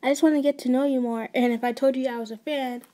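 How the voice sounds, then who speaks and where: A woman's voice: high-pitched, steady tone, quick pace, warm tone, close to an everyday voice. A woman voicing a flustered young male demon prince in human form, with eager, nervous pleading in an ASMR story.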